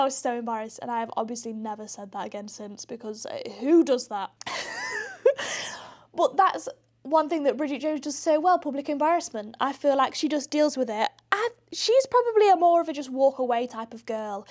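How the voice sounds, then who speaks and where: A woman's voice: high-pitched, expressive, brisk, a little mellow. A young British woman with a British accent, hosting a podcast in a chatty, self-deprecating manner, often laughing at herself. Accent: British English. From Britain. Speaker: podcast host. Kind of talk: casual chat.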